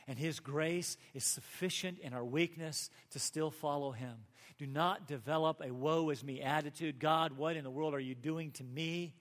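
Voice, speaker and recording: A man preaching a sermon as pastor, earnest, rising to emphatic peaks and dropping to soft asides. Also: on the high side. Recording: long hall reverb.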